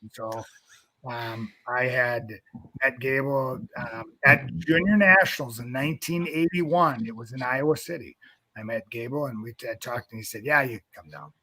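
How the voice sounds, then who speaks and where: A man's voice: medium pitch, moderate pace, bright, forceful tone. A man in his fifties from North Dakota, a wrestling coach being interviewed, telling a long story in a rambling way with many restarts.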